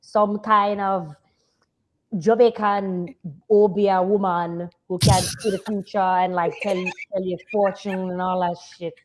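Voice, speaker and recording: A woman from Miami co-hosting a casual talk show, chatty and animated as she tells a story. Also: medium pitch, slow, a little hiss or hum.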